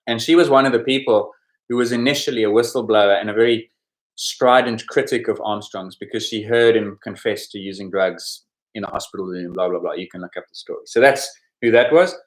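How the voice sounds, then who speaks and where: A man's voice: lowish voice, fairly quick. Man hosting a chatty sports quiz. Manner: explanatory, chatty, goes over answers with asides. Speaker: podcast host running a sports quiz. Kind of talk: casual quiz commentary. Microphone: podcast microphone.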